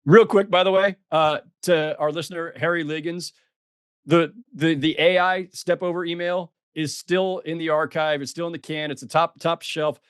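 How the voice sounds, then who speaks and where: A middle-aged man talks on a podcast, chatty and self-deprecating, with plenty of ums and restarts. His voice sits a little high for a man. It is recorded close and dry, with no room sound. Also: steady tone, moderate pace, smooth, no room sound. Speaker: podcast co-host. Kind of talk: casual podcast chat.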